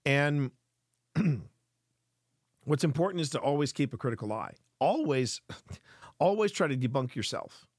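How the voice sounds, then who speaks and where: Man, mid-pitched, hosting a casual live stream, earnest and chatty, dry close sound. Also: animated, a little slow, long pauses, no echo. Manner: earnest, explaining at length to chat.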